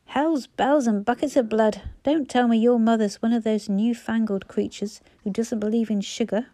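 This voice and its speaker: A woman voicing a grumpy one-eyed old man who talks gruffly and bluntly. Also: mid-range voice, normal speed, warm tone, no room sound. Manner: gruff, curt.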